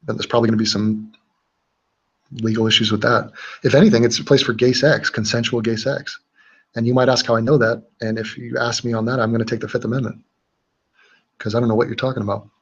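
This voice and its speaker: A man's voice: medium pitch, flat delivery, fast, husky, muffled recording. A man hosting a livestream, reading out chat comments and chatting casually in a rambling, joking way. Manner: rambling, joking, with fillers and restarts.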